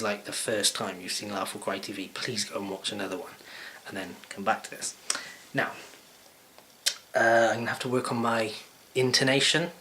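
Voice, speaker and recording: A man's voice: mid-range voice, pushed and bright, slight background noise, poor audio. A man hosting his own show, chatting unscripted straight into a camera mic in a rambling, jokey, self-deprecating way. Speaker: vlogger host. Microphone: camera microphone.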